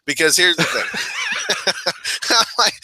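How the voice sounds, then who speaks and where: A man's voice: fairly high pitch, lively intonation, slow, sharp tone, rough recording. A man from Illinois co-hosting a wrestling podcast in loose, profane casual chat, laughing often. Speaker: podcast co-host.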